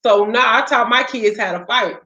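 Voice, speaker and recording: A woman with a somewhat high voice talks casually and bluntly, swearing often and getting worked up as she tells stories. The recording sounds echoey and a bit muffled, as if made in a bare room. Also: normal speed, pushed and bright. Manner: blunt, profane, fired-up storytelling. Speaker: podcast host. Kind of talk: casual chat. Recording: roomy, dull lo-fi sound.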